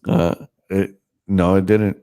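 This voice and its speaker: A man's voice: low-pitched, level tone, slow pace, vocal fry, warm tone. A man hosting a casual podcast chat, teasing and swearing freely, with a stuffed-up nose. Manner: profane, joking, teasing. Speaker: podcast host and DJ.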